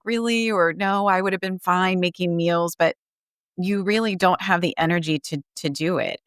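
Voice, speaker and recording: A chatty woman hosting a podcast, sprinkling her talk with fillers. Her voice is smooth and resonant, and the recording is dry and close. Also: low voice, a bit bright, no echo. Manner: chatty, lots of "like" and "you know". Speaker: podcast host. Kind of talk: casual podcast conversation.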